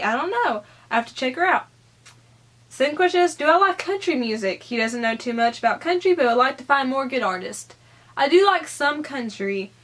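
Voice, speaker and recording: A woman's voice: fairly high pitch, fairly bright tone. A young Southern American woman with a Southern accent, chatting casually as she answers viewer questions in her vlog. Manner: chatty, rambling, giggly.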